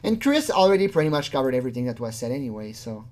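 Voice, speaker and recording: A channel host giving casual reaction commentary, mocking and profane, often mimicking people in a high whiny voice. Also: very animated, rapid-fire, darkish tone.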